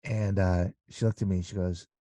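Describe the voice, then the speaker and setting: A man's voice: low-pitched, fairly even intonation, brisk, dark tone, dry recording. A middle-aged man talking as an interview guest in a casual conversation, earnest and rambling with many restarts.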